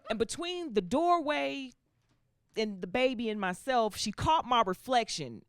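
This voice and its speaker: A woman performing a stand-up comedy set, telling stories with animated delivery and acting out other people's voices. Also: on the high side, unhurried, clean tone, no room sound, clean studio sound. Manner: animated storytelling with acted-out voices. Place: comedy club stage with live audience. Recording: live crowd laughter behind.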